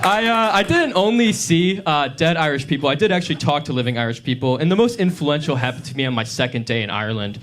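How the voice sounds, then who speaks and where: A young man in his twenties doing a stand-up comedy set on a club stage, telling stories with pauses before the punchlines. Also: a little high, expressive, a bit bright, slight background noise.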